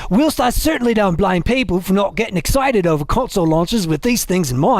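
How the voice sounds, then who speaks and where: A man's voice: high-pitched, lively intonation, fairly quick, a little mellow, no room sound, clean studio sound. A man co-hosting a casual gaming podcast, reading a listener message aloud in a playful, jokey way. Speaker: podcast co-host.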